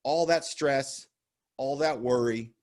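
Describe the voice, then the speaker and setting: A motivational speaker giving a virtual talk on a video call, telling stories in an animated way and chuckling at his own jokes. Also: medium pitch, takes it slowly. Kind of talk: virtual keynote talk with storytelling.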